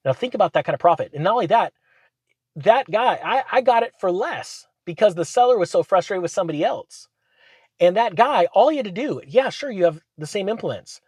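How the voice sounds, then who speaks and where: A man, hosting his channel and telling rambling, animated business stories in casual chat. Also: high voice, fairly quick, breathy edge, no echo. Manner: rambling, animated anecdotes with acted quotes. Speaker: channel host. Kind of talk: casual storytelling monologue.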